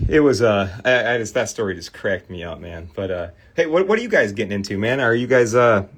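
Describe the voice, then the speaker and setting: Middle-aged male host, lowish voice, relaxed rambling storyteller chatting with a livestream audience. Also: a little fast, husky. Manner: rambling storyteller, laughs often, chatty with viewers. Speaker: card cleaning livestream host. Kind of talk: casual livestream chat.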